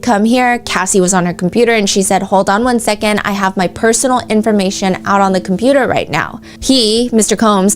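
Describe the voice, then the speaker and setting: A woman hosting a true-crime podcast, reading out courtroom testimony in a casual, chatty way with frequent "like" asides. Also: medium pitch. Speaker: podcast host.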